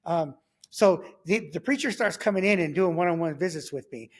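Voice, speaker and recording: A man telling his faith testimony in casual, animated storytelling, acting out what he and others said and checking in with the listener. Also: on the high side, fairly quick. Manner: animated, acts out his own quoted remarks. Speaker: guest sharing a faith testimony.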